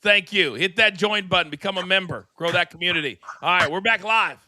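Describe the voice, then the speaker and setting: Bright, energetic male talk-show host. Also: sits high, no echo. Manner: energetic, fast promo-style delivery. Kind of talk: live wrestling talk show. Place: studio.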